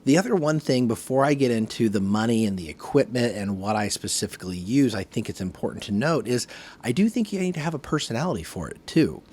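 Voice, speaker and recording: A man hosting his podcast, talking casually to camera in one take, with lively emphasis and a habit of saying "right", recorded on a phone camera. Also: medium pitch, quick pace. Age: adult, working a full-time job. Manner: conversational, varied emphasis, often says "right". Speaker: podcast host.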